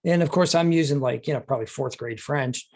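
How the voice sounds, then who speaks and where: A man hosting a podcast who tells anecdotes in a chatty way and gets animated when quoting others. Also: medium pitch, fast, gravelly. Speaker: podcast host. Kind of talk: casual conversation, anecdotes.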